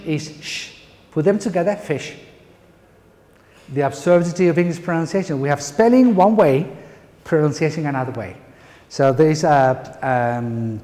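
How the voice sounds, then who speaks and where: A man's voice: fairly high pitch, a little mellow. A man with a Spanish accent, a pronunciation teacher giving an emphatic, playful lecture full of rhetorical questions. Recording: echoey hall reverb.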